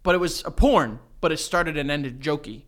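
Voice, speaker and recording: A young man co-hosting a podcast in casual chat, animated and jokey, with lots of fillers. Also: fairly high pitch, normal speed. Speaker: podcast co-host.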